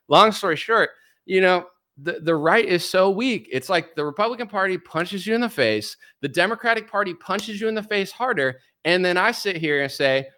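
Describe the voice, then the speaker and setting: A man in his thirties delivers a combative, mocking political rant. His voice sits a little high and comes through bright and forceful, with sarcasm running through his talk. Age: 30s. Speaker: political commentary host. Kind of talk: ranting political commentary.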